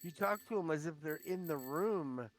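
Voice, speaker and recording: A man's voice: a little high, animated, moderate pace. A man chatting casually while gaming, rambling and teasing his friend with lots of filler words over voice chat. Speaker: streamer. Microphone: online voice chat.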